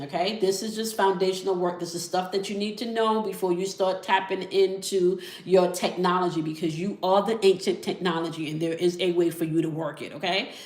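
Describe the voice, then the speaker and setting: A woman leading a spiritual tarot and sound-healing session, calm and instructive, often checking in with the listener. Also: on the low side, echoey room. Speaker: spiritual reader.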